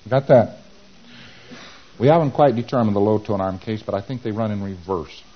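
A man giving a lecture, acting out exchanges with quick mumbled asides. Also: lowish voice, highs cut off. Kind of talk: recorded lecture.

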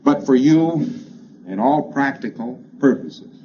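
A man giving a plainspoken, emphatic lecture to a congress, repeating phrases that trail off quieter each time. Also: medium pitch, expressive, slow. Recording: dull, hissy old lecture recording.

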